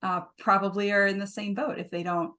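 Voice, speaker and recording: A woman's voice: medium pitch, level tone, fairly quick. A woman hosting a webinar on a video call, chatty and full of agreeing murmurs. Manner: chatty, warmly agreeing with many "mm-hmm"s. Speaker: webinar host. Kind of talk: webinar discussion.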